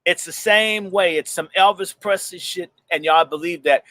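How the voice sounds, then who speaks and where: Fired-up man with a higher, dry voice. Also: normal speed, pushed and bright, no echo. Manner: emphatic and impassioned, repeats phrases for force. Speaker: host. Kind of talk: heated commentary and reading aloud from a book.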